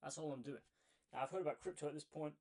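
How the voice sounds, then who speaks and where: A young man telling his own story in a casual monologue, energetic and emphatic, repeating phrases for effect and a little out of breath. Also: fairly high pitch, fast, vocal fry. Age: young adult. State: slightly out of breath. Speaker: vlogger.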